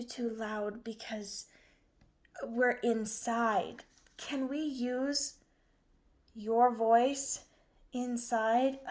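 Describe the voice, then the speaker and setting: A woman teaching young children, slow and clear, encouraging them with exaggerated emphasis. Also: a little high, a little mellow.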